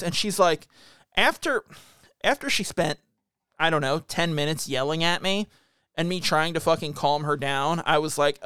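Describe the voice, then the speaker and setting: Profane young man, smooth voice. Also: fairly high pitch, moderate pace, bright, forceful tone, dry recording, clean studio sound. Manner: profane, exasperated storytelling. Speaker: podcast co-host. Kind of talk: casual chat.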